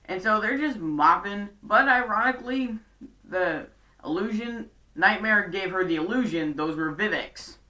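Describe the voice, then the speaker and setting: A woman's voice: mid-range voice, expressive, measured pace, pushed and bright, distant mic. A woman giving a casual episode recap with chatty, sarcastic asides. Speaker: show recap vlogger.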